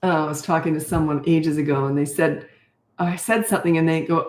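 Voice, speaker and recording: A woman's voice: sits low, fairly even intonation, a little fast, darkish tone. An older woman who coaches parents, giving blunt, matter-of-fact advice in a casual question-and-answer talk and laughing often. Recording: roomy echo.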